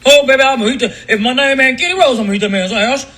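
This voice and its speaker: A man's voice: very high-pitched, racing, pushed and bright. A man doing a mocking impression of a crude, lustful woman, in an exaggerated and crude manner.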